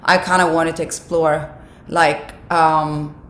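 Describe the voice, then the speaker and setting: Raspy-voiced woman, low and roomy. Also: little pitch movement, takes it slowly, a bit bright. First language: not English. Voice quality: raspy, husky, slightly broken voice. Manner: reflective, many "like" fillers, restarts. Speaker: actress, interview guest. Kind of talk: casual interview talk. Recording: roomy sound with faint background ambience.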